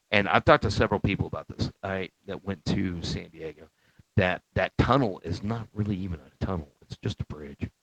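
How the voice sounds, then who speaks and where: A man's voice: deep voice, no echo. A man telling a story casually, rambling and cursing, with many fillers and restarts. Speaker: Marine veteran telling a story. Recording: dull, slightly lo-fi sound.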